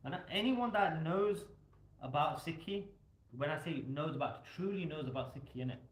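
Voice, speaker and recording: A man's voice: a little high, lively intonation, moderate pace. Rambling man in echoey room. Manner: rambling, storytelling, many fillers. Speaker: speaker at a Sikh talk evening. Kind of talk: casual talk, mixing in Punjabi. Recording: echoey room with faint noise.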